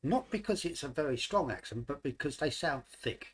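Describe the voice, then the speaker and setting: A man's voice: on the high side, animated, a little fast, a bit bright, slightly rough, low-quality recording. A talkative man with a mixed British accent, chatting casually on a live stream. He laughs easily and trails off mid-thought before picking the sentence back up. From United Kingdom. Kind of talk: casual chat.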